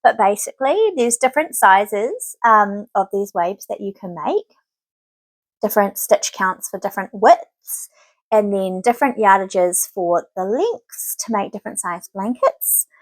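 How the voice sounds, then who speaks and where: A woman's voice: mid-range voice, animated, a little slow, no room sound. A woman in her thirties hosting a knitting podcast, chatting casually and rambling with many filler words. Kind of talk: casual chat to camera.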